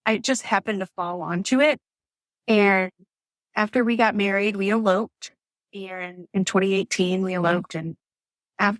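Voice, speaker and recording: A woman's voice: mid-range voice, no room sound. A woman who works as a nurse, telling her story as a podcast guest in a chatty way with many fillers. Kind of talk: casual storytelling interview.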